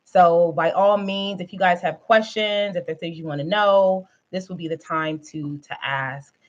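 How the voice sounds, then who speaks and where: Hosting a live stream, a woman with a fairly low voice speaks a little slowly in audio with the highs cut off. Her talk with viewers wanders, stuffed with fillers and frequent bursts of laughter.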